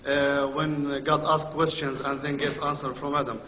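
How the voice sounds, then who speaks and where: A man asking a question from the audience, hesitant and broken up by many pauses. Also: medium pitch, level tone, bright, forceful tone, a little hiss or hum. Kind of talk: question from the floor. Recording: echoey hall with faint ambience.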